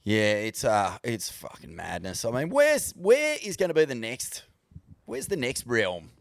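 A man's voice: mid-range voice, huge pitch swings, a little slow, vocal fry. A young Australian man co-hosting a podcast in casual, sweary, laid-back chat. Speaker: podcast co-host.

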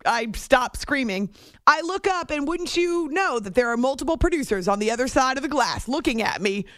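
A woman hosting a sports radio show, telling a story on air in a chatty, animated way that often breaks off mid-sentence. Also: high voice, normal speed, no room sound, clean studio sound. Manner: chatty, animated, self-interrupting. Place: radio studio. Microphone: studio microphone.

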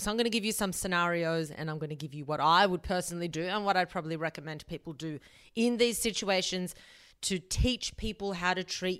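A woman hosting a podcast, giving blunt, animated advice and swearing freely. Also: mid-range voice, no echo, clean studio sound. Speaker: podcast host. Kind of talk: casual advice monologue.

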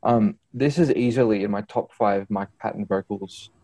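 A man's voice: lowish voice, moderate pace, mellow, low-quality recording. A man rambling casually about songs on a podcast, hunting for words. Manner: rambling, lots of fillers and restarts. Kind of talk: casual music chat.

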